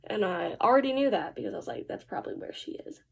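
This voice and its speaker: A woman's voice: mid-range voice, very animated, fast, vocal fry, slightly rough. A teenage girl telling a rambling story in a casual, chatty way while she does her makeup, with slangy asides. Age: teens. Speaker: vlogger.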